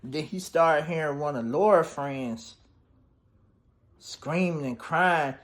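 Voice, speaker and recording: A man's voice: fairly high pitch, slow. A man casually recapping a movie's plot in a loose, profane, slang-heavy way, peppered with "damn, bro". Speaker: movie reviewer.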